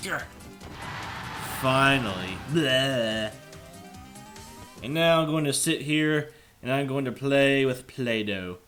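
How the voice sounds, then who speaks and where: A man doing casual let's play commentary at home, rambling and chatty, sometimes yelling at the game. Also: mid-range voice, expressive, takes it slowly, long pauses. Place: apartment room at home with thin walls. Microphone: desk microphone. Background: video game music.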